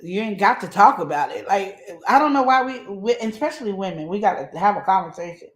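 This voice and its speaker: A woman's voice: medium pitch, big pitch swings, a little fast, few pauses. A woman hosting a relationship advice show, talking emphatically and acting out the voices of the people she quotes. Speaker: host. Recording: echoey room.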